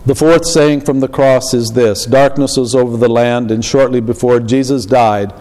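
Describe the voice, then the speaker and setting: A man preaching a sermon as pastor, in a slow, measured way. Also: medium pitch, steady tone, mellow. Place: church. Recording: long reverb of a church hall.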